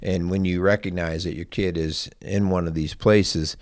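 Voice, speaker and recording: A middle-aged man co-hosting a parenting podcast, talking in a measured, reflective way from his counseling work. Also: low-pitched, steady tone, no echo. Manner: measured, reflective, with occasional throat clearing. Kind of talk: casual parenting podcast chat.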